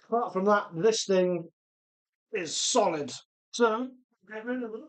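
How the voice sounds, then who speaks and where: A man with a voice that sits high speaks unhurriedly as he hosts a radio-controlled car live stream from his home workshop. He keeps the chat easygoing and laughs often while reading out viewer comments.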